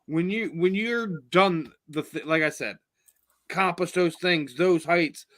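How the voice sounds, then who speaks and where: A male podcast co-host talking casually, halting often and repeating words as he goes. His voice is fairly high and bright, forceful in tone. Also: dry recording.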